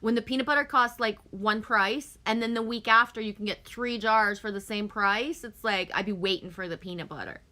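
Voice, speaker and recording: A woman's voice: medium pitch, fairly quick, few pauses, sharp tone. A woman hosting a casual live stream, chatting with viewers, reading their comments aloud and laughing often.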